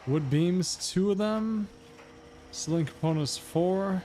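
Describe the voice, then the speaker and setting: A man's voice: high voice, slow, dark tone, a little hiss or hum. A man from North Carolina with a slight Southern accent, chatting casually with viewers while narrating his gameplay on a livestream. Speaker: gaming streamer.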